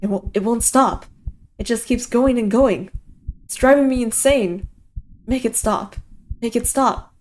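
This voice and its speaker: A woman's voice: fairly high pitch, a little slow, long pauses, pitched above the performer's own voice, lightly acted. A woman voicing a panicked stammering young man. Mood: frantic. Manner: stammering, desperate. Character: frightened guilt-ridden young man, pleading. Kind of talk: reading a visual novel aloud.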